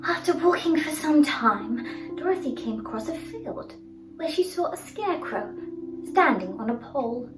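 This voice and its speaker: Woman storyteller, high voice, expressive and sing-song, echoey room, off-mic, soft music behind. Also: moderate pace, distant mic. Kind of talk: children's storybook narration. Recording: roomy sound from off-mic, faint music.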